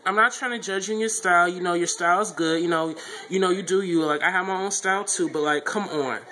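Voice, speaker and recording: A man's voice: sits high, fast, rough recording. A man giving a casual, blunt vlog review of a reality show, repeating himself a lot as he talks. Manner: repetitive, animated, blunt opinions.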